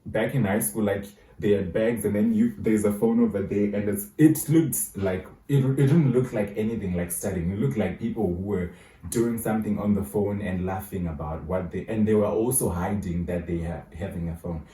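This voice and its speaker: A young man telling a high school story casually, restarting and correcting himself as he goes. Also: moderate pace, warm tone. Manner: rambling, self-correcting storytelling. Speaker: vlogger. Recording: roomy echo, mic at a distance.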